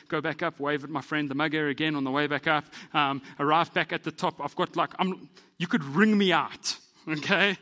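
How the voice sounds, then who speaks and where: A man, a pastor telling a story in a sermon in an animated, self-deprecating way. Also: on the high side, long reverb tail.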